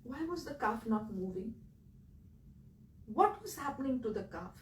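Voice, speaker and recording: A woman with an Indian accent, telling her own story in an earnest, emotional way that swings between loud and quiet. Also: a little high, lively intonation, unhurried, roomy sound, distant mic, a little hiss or hum, rough recording. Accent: Indian English. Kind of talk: personal storytelling talk.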